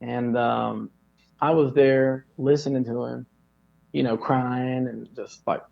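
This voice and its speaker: A man's voice: mid-range voice, fairly even intonation, a little slow, vocal fry, soft background music. A man in his thirties from North Carolina, telling a personal story in an earnest, casual way with many fillers. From Pembroke, North Carolina. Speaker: interview guest. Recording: dull lo-fi audio.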